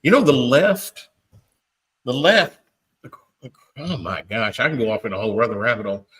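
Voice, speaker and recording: A podcast host with a medium-pitched, expressive, slightly bright voice speaks at normal speed, making a fervent, preacher-like emotional appeal. Tearful and close to crying, he often stumbles over repeated words.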